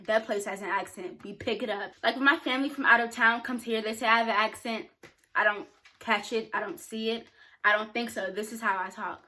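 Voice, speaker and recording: A woman's voice: fairly high pitch, pushed and bright. A young woman talking frankly and casually to camera, answering questions with plenty of filler words. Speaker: YouTuber.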